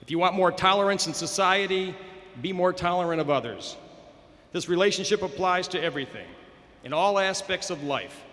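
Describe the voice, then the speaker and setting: A man voicing a wise, gentle father who calmly teaches his son a life lesson within a story told at a graduation. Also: high-pitched, normal speed. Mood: explaining. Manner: calm, instructive storytelling voice. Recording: echoey hall over a public address system.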